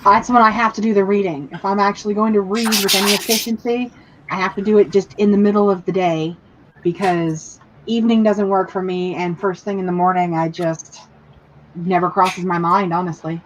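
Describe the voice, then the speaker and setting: A woman's voice: medium pitch, steady tone, normal speed, a little hiss or hum. A woman guest on a group call, talking things through at length with many fillers. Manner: thoughtful, rambling with "like" fillers. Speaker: guest in writing group stream. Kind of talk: casual chat. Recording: dull lo-fi call audio.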